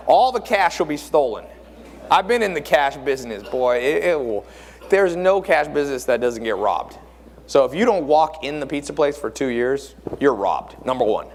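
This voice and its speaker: Man speaking in an echoing hall. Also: medium pitch. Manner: animated, rhetorical questions to the audience. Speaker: speaker at a mentor conference. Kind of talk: live seminar talk. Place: conference room with audience. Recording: long reverb of a hall.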